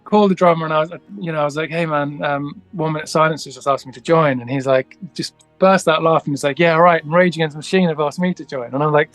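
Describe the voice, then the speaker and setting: A man's voice: on the high side, fairly even intonation, fast, hardly any pauses, fairly bright tone, dry recording, soft background music. A man, a guest musician, telling a long story in a casual interview, rambling with many restarts and acting out the dialogue.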